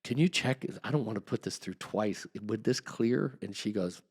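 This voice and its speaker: A man's voice: on the low side, moderate pace, husky. A man guest on a podcast, telling a long, rambling story with restarts and acted-out quotes. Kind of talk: casual storytelling.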